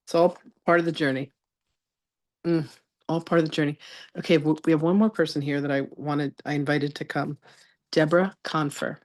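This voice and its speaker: A woman's voice: low-pitched, fairly even intonation, moderate pace. Woman host, spiritual interview, affirming, storytelling, laughs easily.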